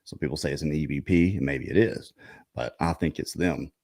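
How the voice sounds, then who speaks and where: A male show host in casual storytelling chat, rambling with restarts and clearing his throat often. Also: a bass voice, brisk, darkish tone.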